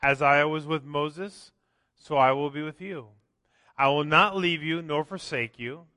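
A man's voice: fairly high pitch, measured pace, bright, forceful tone, dry recording, studio quality, big-room sound. A man preaching a sermon as pastor, conversational, often tossing in "right?" and acting out quotes. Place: church sanctuary.

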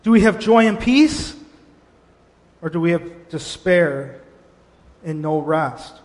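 Middle-aged pastor guy preaching, fairly high voice, restarts a lot, big echoey church hall. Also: slow. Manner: animated storytelling with frequent restarts. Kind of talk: sermon. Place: church sanctuary. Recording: long hall reverb.

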